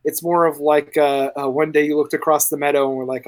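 Acting as game master in a casual podcast chat, a man runs a tabletop game in a fairly high-pitched, flat voice at a fairly quick clip. He rambles enthusiastically, interrupting himself and starting his sentences over.

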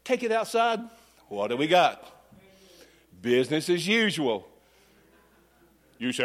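A man's voice: fairly high pitch, very animated, moderate pace, long pauses. A middle-aged man preaching a sermon as pastor, telling folksy, humorous stories.

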